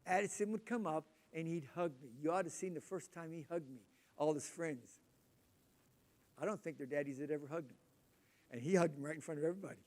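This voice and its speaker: A man's voice: on the high side, quick pace, darkish tone. An older man, preaching in a casual, rambling way, repeating words and talking to the congregation. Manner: rambling, repeats words, chatty asides to the audience. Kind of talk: casual sermon talk.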